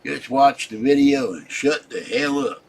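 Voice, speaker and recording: A man's voice: medium pitch, a little slow, slight background noise. An older man hosting a live stream, rambling and scolding his chat viewers in an irritable, complaining way. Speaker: livestream host.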